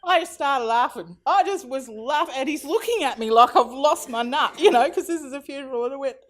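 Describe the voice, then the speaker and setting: A middle-aged Australian woman with a slightly high voice gives a keynote in a chatty, anecdotal way. She acts out the quotes in her stories with lively changes of voice and breaks into laughter often. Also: fairly quick, a little hiss or hum. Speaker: keynote speaker. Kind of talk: conference keynote storytelling.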